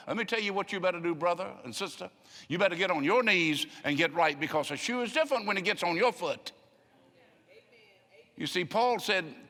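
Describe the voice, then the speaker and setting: A man's voice: high voice, expressive, normal speed, pushed and bright. An older man preaching a sermon in a folksy storytelling way, often acting out the voices of people he quotes. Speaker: pastor. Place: church sanctuary. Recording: long hall reverb.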